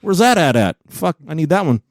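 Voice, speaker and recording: A man in his forties, co-hosting a podcast, telling stories in a profane, animated way and laughing often. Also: on the high side, fairly quick, dry recording, clean studio sound. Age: 40s. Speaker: podcast co-host. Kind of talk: casual chat.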